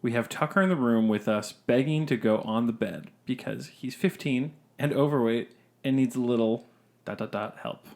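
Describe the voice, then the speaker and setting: A casual podcast co-host who reads listener ghost stories aloud with hesitant restarts and little asides between lines. His voice sits at an ordinary middle pitch, and his manner is relaxed and conversational. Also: normal speed, vocal fry. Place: podcast recording session with co-hosts.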